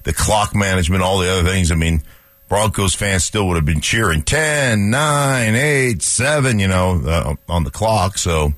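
A man's voice: sits low, steady tone, normal speed, no echo. A man co-hosting a sports radio show, cocky and sarcastic in casual banter.

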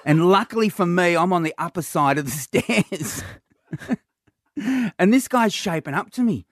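A man's voice: high-pitched, moderate pace, no room sound, clean studio sound. Australian man telling a story animatedly. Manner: animated anecdote telling with laughs and acted quotes. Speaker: radio comedy host. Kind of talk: casual storytelling chat.

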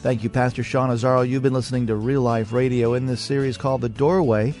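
A man's voice: medium pitch, fairly even intonation, fast talker. A man reading a scripted radio program outro as announcer. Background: soft guitar music.

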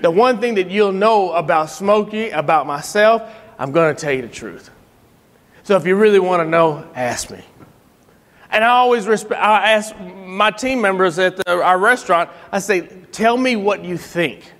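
A man giving an inspirational talk to other men, telling animated stories with frequent laughter. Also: sits high, normal speed, long reverb tail. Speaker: speaker at a men's event.

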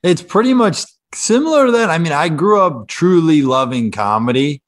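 A man's voice: on the high side, lively intonation, moderate pace. A man in his thirties from Kansas, a comedian guest in casual podcast chat, joking drily at his own expense with hesitant fillers. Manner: self-deprecating, dry joking with hesitant fillers.

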